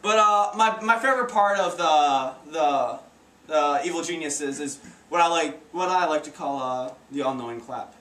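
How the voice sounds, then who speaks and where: A teenage boy tries amateur stand-up comedy in a fairly high, bright, forceful voice at a normal speed, stumbling awkwardly and restarting his sentences again and again. The recording sounds roomy and distant, with faint noise.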